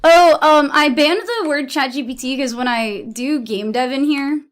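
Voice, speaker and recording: A young woman streamer with a high voice talks to her chat in a loose, rambling way. She is blunt and swears freely, often cutting herself off to restart a thought. She grew up on the US East Coast. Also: moderate pace. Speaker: livestreamer. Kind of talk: casual chat to stream viewers.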